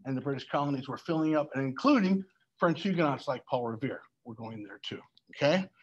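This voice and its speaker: Brief: lively male history teacher, higher-pitched voice, questions the class. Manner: animated, asks the class questions.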